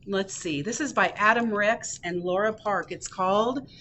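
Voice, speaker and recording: A woman's voice: mid-range voice, normal speed, hardly any pauses, a bit bright. A woman librarian reading a picture book aloud to young children at a storytime, in a playful, engaging way.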